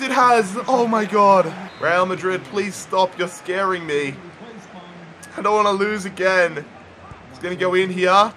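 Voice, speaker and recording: A man commentating his own football video game match, muttering through tense play and yelling at big moments. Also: sits high, a little hiss or hum. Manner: swings from muttering to shouting at goals. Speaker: gaming YouTuber. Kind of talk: excited play-by-play gaming commentary.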